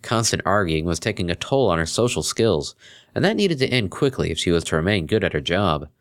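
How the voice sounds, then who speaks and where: Brief: male narrator, lowish voice, lively expressive reading. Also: a little fast. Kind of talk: fan fiction reading.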